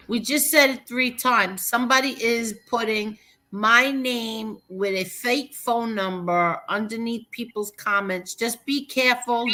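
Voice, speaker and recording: Slow, bright-voiced woman. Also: fairly high pitch. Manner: emphatic, slow, warning. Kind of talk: casual live-stream chat.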